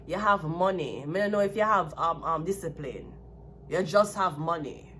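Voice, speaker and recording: A woman's voice: lowish voice, lively intonation, moderate pace, fairly bright tone, a little hiss or hum. Blunt Jamaican woman ranting over tarot. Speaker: tarot card reader. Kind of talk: solo tarot reading monologue.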